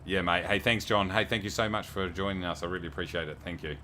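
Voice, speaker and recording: Low-voiced New man chatting on stream. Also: fairly even intonation, fast talker, sharp tone, slight background noise. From New Zealand. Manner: chatty, reads viewer messages aloud and thanks them. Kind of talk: casual livestream chat.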